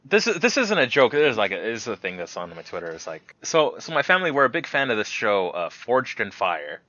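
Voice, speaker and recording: A young man guesting on a casual podcast, telling stories in a lively way and imitating the people he talks about. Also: mid-range voice, fairly quick, dull audio. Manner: animated storyteller, mimics people he describes.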